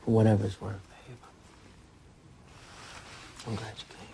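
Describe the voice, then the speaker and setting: A charming crime boss. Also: male voice, lowish voice, flat delivery, a little slow, vocal fry, warm tone, slight background noise. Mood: soothing. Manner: persuasive, turning heated and insistent. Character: smooth crime boss, charming but defensive. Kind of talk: film drama acting.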